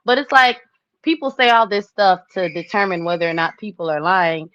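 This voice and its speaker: A woman's voice: on the low side, lively intonation, a little fast, a bit bright, dry recording. Woman host, chatty and laughing, talks to viewers in a dry, dull lo-fi recording. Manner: chatty, laughs often, acts out what people said. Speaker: live stream host. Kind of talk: casual live chat to viewers.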